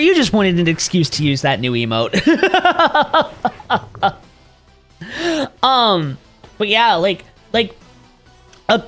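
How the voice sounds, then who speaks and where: A man's voice: sits high, a bit bright. A man streaming and chatting casually with viewers, rambling, swearing freely and laughing often.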